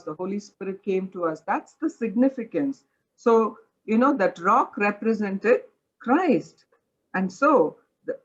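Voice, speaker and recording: A woman's voice: medium pitch, breathy edge, lo-fi sound. A woman teaching a Bible study, earnest and direct, repeating her advice plainly.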